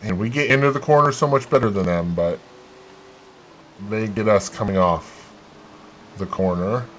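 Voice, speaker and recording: A man hosting a gaming channel, giving excitable play-by-play of his racing game and bursting into loud exclamations. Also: lowish voice, moderate pace, a little hiss or hum, low-quality recording.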